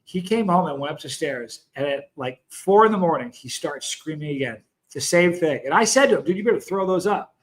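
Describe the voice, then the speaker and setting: A man's voice: fairly high pitch, lively intonation, brisk. A middle-aged man hosting a hot sauce live stream, chatting casually with viewers and telling long, rambling stories full of asides. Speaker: hot sauce show host.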